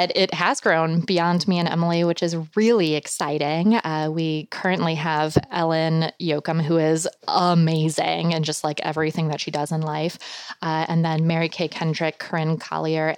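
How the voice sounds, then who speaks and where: A talkative woman guest in a casual podcast interview, rambling through her stories with frequent laughs. Her voice sits a little low and sounds smooth and clean. The sound is close and dry. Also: no echo. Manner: chatty, rambling, laughs often. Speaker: guest, animal behavior consultant.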